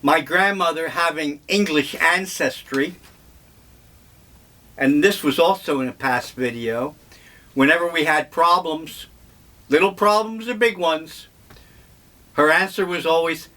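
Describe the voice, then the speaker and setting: An older man reminiscing in a slow, rambling, wryly humorous monologue. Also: a little high, sharp tone. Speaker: vlogger.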